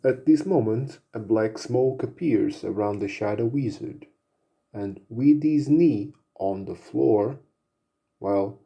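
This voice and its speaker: A man narrating an action story casually, unhurried, with fillers. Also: lowish voice, creaky, mellow, breathy edge.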